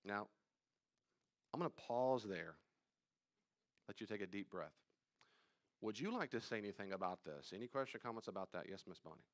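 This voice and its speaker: A man, a pastor, teaching a live Bible study class, talking straight to his listeners with emphatic repetition and sudden drops to quiet asides. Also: on the low side, expressive, a little fast, long pauses. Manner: conversational, addresses listeners directly.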